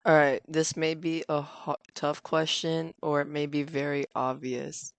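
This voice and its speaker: A man co-hosting a podcast who asks his questions in a hesitant, measured way. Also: a little high, little pitch movement, creaky, no room sound. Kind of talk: casual interview questions.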